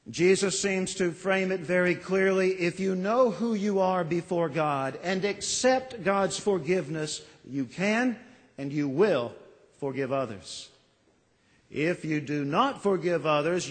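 A man preaching a sermon as pastor, slow and emphatic, with dramatic pauses and phrases that trail off softly. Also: a little high, in a large hall. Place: church.

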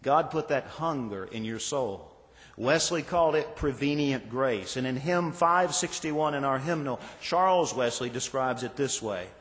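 A man preaching a sermon as pastor, earnest and rhetorical, slowing down for emphasis in a church sanctuary. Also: medium pitch, animated, fairly bright tone. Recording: reverberant hall.

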